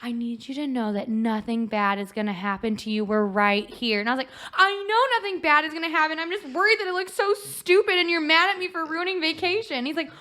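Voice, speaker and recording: Bright-voiced young woman telling a story. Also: sits high, brisk, few pauses. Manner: animated, acts out quotes, many "like" fillers. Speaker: podcast guest. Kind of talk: casual storytelling chat.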